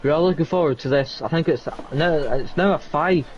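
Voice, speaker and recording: A man co-commentating a sim race in a loose, halting way, full of likes and uhs. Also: a little high. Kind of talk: live esports race commentary. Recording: dull lo-fi mic with faint noise.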